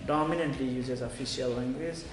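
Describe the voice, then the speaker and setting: A man's voice: medium pitch, steady tone. Nepali-accented man lecturing in an echoey room. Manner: measured, with frequent fillers. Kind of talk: lecture on language policy. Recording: echoey room with clear noise.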